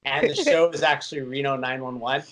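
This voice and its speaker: A man's voice: medium pitch, fairly even intonation, brisk, a bit bright, low-quality recording. A man in his thirties telling stories in a conversational interview, with frequent fillers. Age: 30s. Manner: chatty storytelling, frequent fillers. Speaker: interview guest.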